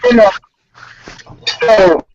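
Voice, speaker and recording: A man giving blunt, excitable boxing opinions, swearing casually. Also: drawn-out words. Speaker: guest analyst. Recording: lo-fi call with loud crowd behind.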